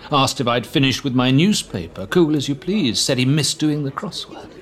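A man's voice: medium pitch, expressive, moderate pace, lightly acted. A man voicing a pompous fretful minister. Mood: explaining. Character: anxious middle-aged male government minister, pompous.

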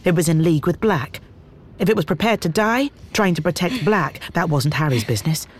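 An audiobook narrator reading fantasy in a measured, dramatic storytelling manner. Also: mid-range voice, animated. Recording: music bed under narration. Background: background music.

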